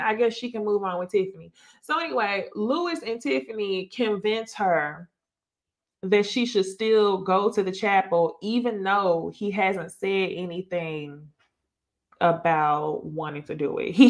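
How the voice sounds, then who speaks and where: A woman hosts a live recap of a reality show and chats freely with her viewers. Her delivery is animated and full of slang, and she talks straight to the audience. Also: medium pitch. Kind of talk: casual live recap commentary.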